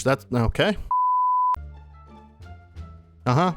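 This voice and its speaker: Excitable young man commentating gameplay. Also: mid-range voice, brisk, faint music behind. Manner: excitable, talks trash to the game. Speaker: gaming YouTuber.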